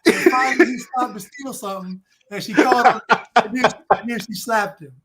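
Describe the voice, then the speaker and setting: A man's voice: very high-pitched, a little fast, a bit bright. A man hosting a casual panel podcast, spinning a joking story with laughter and repeated starts. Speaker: podcast host.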